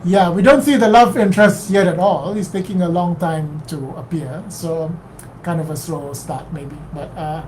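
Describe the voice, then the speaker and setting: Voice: mid-range voice, moderate pace, a little mellow, a little hiss or hum, low-quality recording. Reader with a lilt. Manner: reads in first person, breaks off to question words. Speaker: reader on a live stream. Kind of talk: reading a novel aloud with asides.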